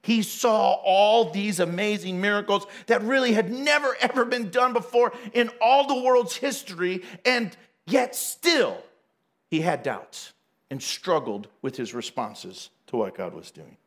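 A man with a notably high voice preaches in a relaxed, conversational way. He laughs often as he talks. He acts out the people in his story with quick little voices. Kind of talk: casual sermon.

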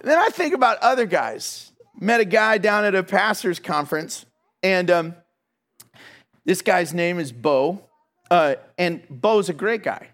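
A man preaching a sermon, telling funny stories in an animated way and laughing along with his congregation. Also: sits high, measured pace. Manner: animated, humorous, laughs between lines. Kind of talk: sermon with storytelling.

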